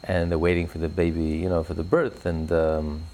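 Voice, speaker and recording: A man's voice: sits low, little pitch movement, normal speed, a little mellow, slight background noise. A man giving an impassioned religious talk in an interview, fervent and building to emphatic peaks. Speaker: religious speaker.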